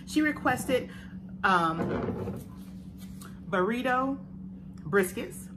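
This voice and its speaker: A woman hosting her own cooking and mukbang vlog. She talks in an upbeat, chatty way and often says "oh yeah". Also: on the high side. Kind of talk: casual vlog chat. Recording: noticeable background noise.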